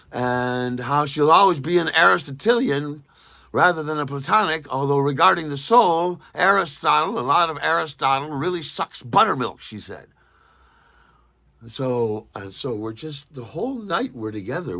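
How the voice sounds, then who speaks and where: A man telling a personal anecdote in a rambling, halting way, often repeating his words. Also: medium pitch, creaky, sharp tone. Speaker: storyteller. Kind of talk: personal anecdote told casually.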